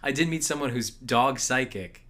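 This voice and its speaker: A man in his thirties, co-hosting a casual podcast, telling stories with animated energy and frequent laughs. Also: medium pitch, normal speed. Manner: storytelling, animated, laughs often. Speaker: podcast co-host. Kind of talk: casual chat.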